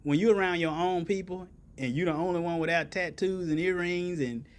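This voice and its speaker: A man's voice: high voice, steady tone, brisk. A man preaching a sermon in folksy vernacular, asking the congregation for answers and building to emphatic peaks.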